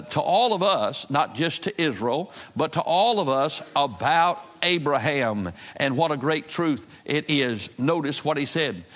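Guy preaching a sermon, earnest and measured, voice sits a bit high, slows way down for the bible verses. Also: a bit bright. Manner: earnest, measured preaching with slow emphatic scripture reading. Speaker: pastor. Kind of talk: sermon with opening prayer.

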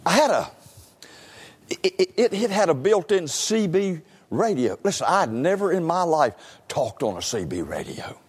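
Emphatic high-voiced preacher. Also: male voice, sing-song, normal speed, slightly rough. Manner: emphatic, repeats "listen" and stammers into phrases. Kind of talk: sermon, telling personal testimony. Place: church sanctuary. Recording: long hall reverb.

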